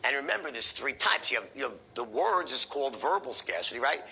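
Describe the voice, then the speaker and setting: Lively, profane male sales trainer. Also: medium pitch, a little fast, dull audio, slight background noise. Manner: animated, profane, demonstrates tones of voice.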